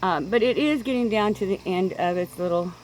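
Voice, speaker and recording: A woman's voice: mid-range voice, brisk, a little mellow, a little hiss or hum, rough recording. A woman in her sixties with a Kansas accent, chatting in a rambling way on her video blog and going off track, outdoors on a deck. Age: 60s. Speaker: pipe-smoking vlogger. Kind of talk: casual rambling monologue.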